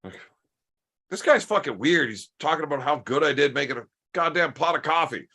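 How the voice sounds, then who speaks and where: A man's voice: a little high, expressive, a little fast, sharp tone. A man in his thirties telling a rowdy, profanity-laced story over beers, acting out the dialogue as he goes. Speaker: podcast host.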